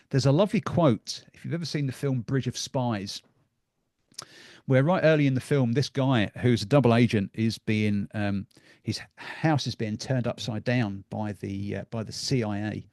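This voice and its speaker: A man's voice: mid-range voice, a little mellow, no echo, clean studio sound. A middle-aged man giving a live talk to an audience, conversational and full of ums and repeated words.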